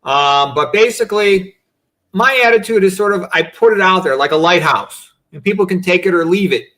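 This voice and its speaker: Speaking at a moderate pace, a doctor in his fifties reflects and rambles as a guest on a video-call talk show, drifting into asides and often saying "okay" and "you know." His voice sits high and sounds pushed and bright, with lively intonation.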